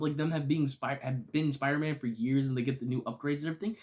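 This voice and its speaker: A man casually reviewing a film, excitable and gushing, with slangy, enthusiastic speech. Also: on the high side, fast talker.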